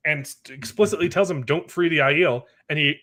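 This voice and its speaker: A man's voice: fairly high pitch, brisk, fairly bright tone. Sarcastic man ranting casually. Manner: sarcastic, dismissive, mocks scenes in put-on voices. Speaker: show host. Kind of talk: casual chat reviewing a TV show.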